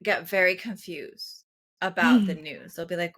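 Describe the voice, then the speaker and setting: A woman co-hosting a podcast in a casual chat, speaking calmly and softly in a reflective way. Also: lowish voice, measured pace. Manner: calm, soft-spoken, reflective. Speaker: podcast co-host.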